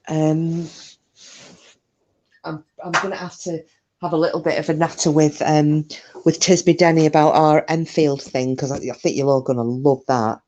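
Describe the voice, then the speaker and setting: A woman's voice: deep voice, dark tone. A British woman hosting a live stream, rambling chattily and answering viewers' comments by name. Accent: British English. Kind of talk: casual live-stream chat.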